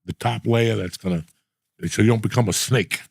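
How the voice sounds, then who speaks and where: A man's voice: fairly low pitch, normal speed, a little mellow, dry recording, studio quality. A middle-aged man hosting a casual chat, telling blunt, profane stories in a rambling way. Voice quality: gravelly, husky. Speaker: podcast host.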